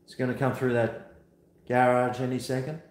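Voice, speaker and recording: A man chatting casually on a home vlog, talking to his dog in a high sing-song voice at times. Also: level tone, normal speed, a little mellow, echoey room. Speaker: vlogger. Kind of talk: casual chat to camera. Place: at home near a garage.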